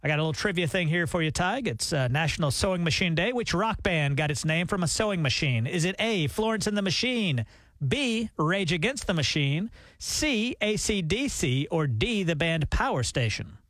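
A man with a high, bouncy voice hosts morning radio, telling stories and cracking jokes into a studio mic. His pitch swings all over the place, and the sound is close and dry. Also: normal speed, no echo. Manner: animated storyteller, jokey. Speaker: radio morning show co-host. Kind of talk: casual radio banter. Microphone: studio microphone.

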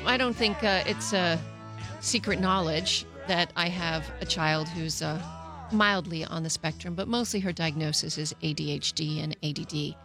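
A woman's voice: deep voice, normal speed, a bit bright, soft background music. A middle-aged woman psychologist hosting a talk radio show, speaking candidly and personally with frequent hesitations. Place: radio studio.

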